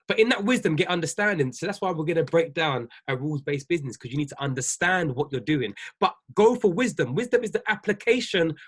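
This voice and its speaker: A man's voice: high-pitched, husky. A man, a business coach giving a preachy, emphatic livestream talk to his viewers. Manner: preachy, repetitive, emphatic, laughs often.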